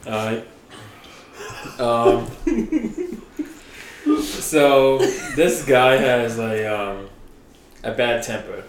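Speaking very slowly and pausing often, a young podcast co-host with a mid-range voice animatedly tells a story and performs the quoted lines. It's a casual storytelling chat. A roomy echo and faint background noise come through.

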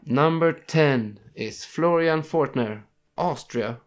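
A man's voice: fairly high pitch, takes it slowly. A young man co-hosting a casual podcast, reading ranking lists and tripping over foreign names. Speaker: podcast co-host.

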